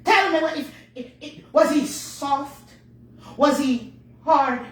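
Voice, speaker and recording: A woman's voice: high-pitched, takes it slowly. A woman playing a bossy, dramatic character, Master Baker, in a comedy sketch. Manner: bossy, dramatic, fussing over a baby. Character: bossy middle-aged woman Master Baker, Jamaican patois. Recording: echoey room with faint noise.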